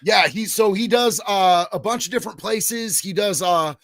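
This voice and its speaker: A man hosting a casual livestream, reading viewer comments and swearing freely in a loud, excitable way. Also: high-pitched, moderate pace, no room sound, studio quality. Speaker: streamer host.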